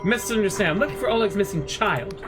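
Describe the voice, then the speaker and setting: A man's voice: high-pitched, expressive, fast talker. Chatty man streaming a video game. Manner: chatty, jokey asides. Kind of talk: gameplay livestream commentary, reading dialogue aloud. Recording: game music playing underneath.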